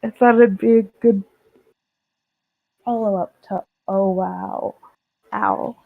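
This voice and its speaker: A woman in relaxed late-night chat, easygoing and quick to laugh. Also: a little high, gravelly, dry recording, phone-quality sound. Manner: laid-back, laughs often.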